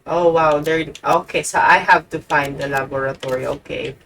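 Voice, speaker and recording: A woman's voice: low-pitched, fairly even intonation, moderate pace, vocal fry, a bit bright, a little hiss or hum, low-quality recording. A woman streamer chatting casually while she plays a game, swearing often and talking to the characters on screen. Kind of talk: casual gameplay commentary.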